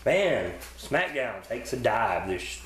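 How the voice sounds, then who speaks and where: Speaking slowly in a sing-song, mid-range voice, this man co-hosts a podcast and casually reviews wrestling episodes. He rambles, swears, and leans on plenty of fillers, all captured with a roomy echo.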